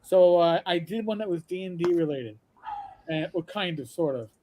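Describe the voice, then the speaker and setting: A man hosting a live stream, casually telling animated stories. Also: high-pitched, moderate pace, a little hiss or hum. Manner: animated storyteller, does voices. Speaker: podcast host.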